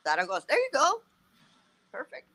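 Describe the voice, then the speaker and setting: A woman guest in a casual podcast chat, talking haltingly and filling every pause with "you know", heard over a video call. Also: lowish voice, expressive, a crowd in the background, poor audio.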